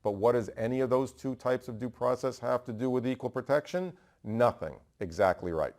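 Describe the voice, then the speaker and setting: A man from New York teaching a bar exam review, fast and emphatic, asking rhetorical questions and answering them himself. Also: medium pitch, darkish tone. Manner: brisk and emphatic, repeating key terms. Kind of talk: energetic law review lecture.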